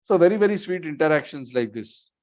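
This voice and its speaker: A man's voice: on the high side, expressive, fast talker, darkish tone. A man giving a devotional storytelling talk and relating the tale with frequent "you know" fillers. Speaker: devotional speaker. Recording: dull lo-fi recording.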